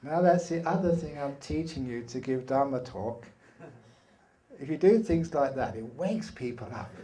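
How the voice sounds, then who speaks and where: A middle-aged man giving a dharma talk at a meditation retreat, telling animated and humorous stories. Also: mid-range voice, moderate pace. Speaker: meditation teacher. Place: retreat hall. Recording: echoey hall, from far off.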